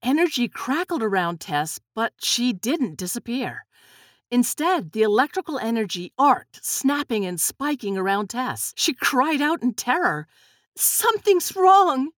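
A woman reading a storybook aloud in an expressive, unhurried way. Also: fairly high pitch, no room sound, studio quality. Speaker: narrator.

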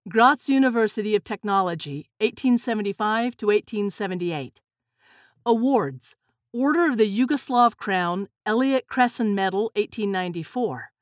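A woman narrating a children's storybook in a steady, clear reading voice. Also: medium pitch, no room sound, studio quality. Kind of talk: children's storybook read-aloud.

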